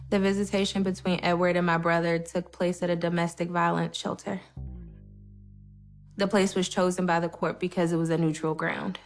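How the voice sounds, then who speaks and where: Low-voiced young woman giving testimony. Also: a bit bright. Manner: measured, earnest recounting. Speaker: interviewee, victim's daughter. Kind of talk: true crime documentary interview.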